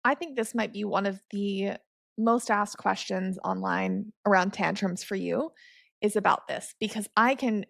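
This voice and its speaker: A woman hosts a relaxed podcast conversation, asking curious, probing questions and laughing often. Her voice is heavy with vocal fry. The recording is close and dry. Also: medium pitch, a little slow, dry recording. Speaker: podcast host. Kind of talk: casual podcast chat.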